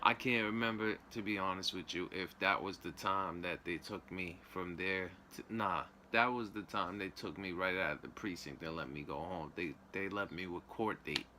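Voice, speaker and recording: A man's voice: deep voice, normal speed, few pauses, bright, forceful tone, a little hiss or hum. Streetwise young man. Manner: loose, streetwise, peppered with "man" and "you know". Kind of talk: casual storytelling.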